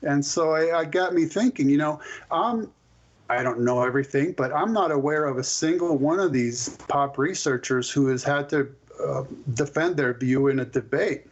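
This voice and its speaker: A man's voice: on the high side, moderate pace, lo-fi sound. A male author on a podcast as a guest, telling stories and laying out his arguments in conversation. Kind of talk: conversational explaining.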